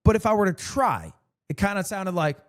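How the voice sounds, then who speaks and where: A male streamer chatting casually with his viewers, his voice sitting a bit high for a man. He jokes his way through stories, and his pitch leaps around in a lively, animated way. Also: a little fast. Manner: joking, animated storytelling with sudden pitch jumps.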